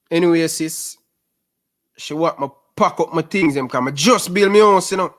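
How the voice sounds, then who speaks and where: A man in his twenties with a Jamaican Patois accent, a guest telling lively stories in a casual interview. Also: on the high side, fairly quick. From Rema, Jamaica. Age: 20s. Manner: lively storyteller who keeps calling the host "sis".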